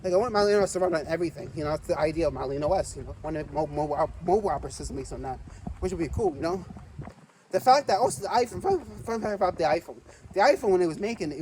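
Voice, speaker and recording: A man vlogging while walking outdoors, rambling and repeating himself excitedly and a little out of breath. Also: fairly high pitch, recorded from a distance, low-quality recording. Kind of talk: casual walking vlog. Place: outdoors on city streets, walking. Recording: street noise behind the voice. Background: traffic and street noise.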